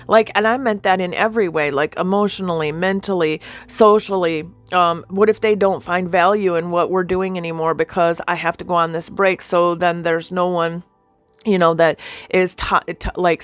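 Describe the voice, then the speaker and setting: A middle-aged woman speaking as a ministry leader, her voice sitting a little low. She gives a raw, confessional spiritual testimony in a dry, close-sounding room, often passing on what she hears God telling her. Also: fairly bright tone, no echo. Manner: emotional, confessional, relays God's words.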